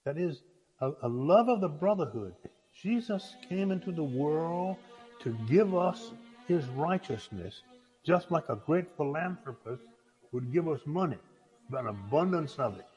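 A man preaching a sermon in a folksy, halting way, often restarting his words. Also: a little high, dark tone, big-room sound, muffled recording.

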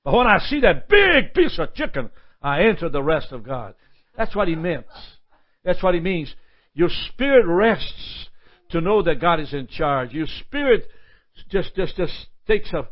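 A man's voice: fairly high pitch, very animated, unhurried, highs cut off. A male pastor preaching a sermon with impassioned repetitions and prayerful asides.

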